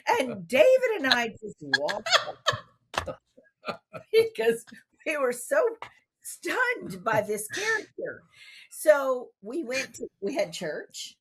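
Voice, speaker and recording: Lively storytelling woman in her 50s. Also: high-pitched, slow, a little hiss or hum. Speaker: interview guest. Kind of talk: animated storytelling.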